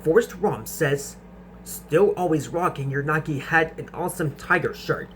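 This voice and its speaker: A man's voice: a little high, measured pace, a bit bright, a little hiss or hum. A young man hosting a casual Q&A vlog, reading out viewer questions and answering them with frequent stutters and restarted sentences.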